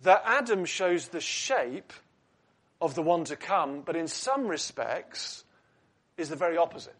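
A man's voice: on the high side, sing-song, unhurried, fairly bright tone. A man preaching a sermon in an earnest teaching tone, asking rhetorical questions and adding light asides.

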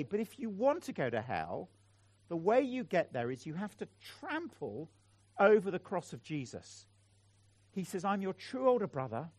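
A man's voice: high voice, big pitch swings, moderate pace, darkish tone, no echo. A middle-aged man preaching a sermon, telling a family story and then pleading earnestly with his listeners. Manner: earnest, pleading appeals to the audience.

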